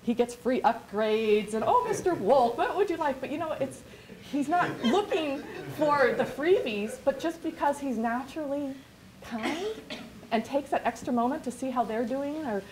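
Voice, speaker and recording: With crowd noise around her, a woman with a high voice speaks at normal speed while presenting a business coaching workshop in a classroom. She rambles in a chatty style, restarting often and dropping in quoted asides.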